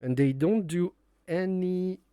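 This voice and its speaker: A high-pitched yet dark-toned voice belongs to a man from France chatting on a cooking live stream in his home kitchen. He speaks slowly in non-native English with a nasal French accent, his tone clear and resonant in clean studio sound with no room noise, and he rambles, jokes about himself and chuckles often.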